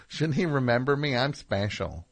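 A middle-aged man with a gravelly, mid-range voice hosts a call-in radio show. He tells rambling, wry, self-deprecating stories and chats with callers in a casual monologue style.

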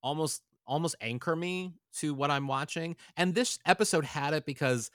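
A man's voice: fairly high pitch, moderate pace, a bit bright, no echo, clean studio sound. A man co-hosting a podcast, talking casually and rambling with lots of hedging. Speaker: podcast co-host. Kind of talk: casual chat.

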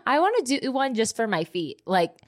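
A woman's voice: a little high, moderate pace. A woman with a New Jersey accent, hosting a podcast in casual chat, laughing easily and swearing freely. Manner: giggly, profane, excitable. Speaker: podcast host.

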